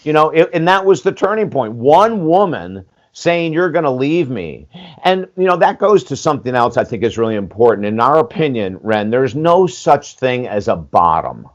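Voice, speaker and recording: A man's voice: mid-range voice, normal speed, lo-fi sound. A man in his sixties, a life coach guesting on a podcast, telling his story candidly and animatedly, acting out dialogue with casual swearing. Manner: animated, acts out quoted dialogue, frequent "you know", casual swearing.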